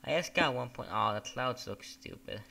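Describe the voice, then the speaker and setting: Bright-voiced rambling young gamer guy. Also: mid-range voice, expressive, normal speed, vocal fry, a little hiss or hum. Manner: rambling, swears often, easily annoyed. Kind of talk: casual gameplay commentary.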